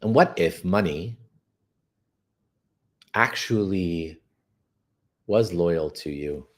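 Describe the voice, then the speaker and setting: A man with a fairly low voice guides listeners through a spiritual exercise. He talks expressively and draws out key words slowly. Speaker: course guide.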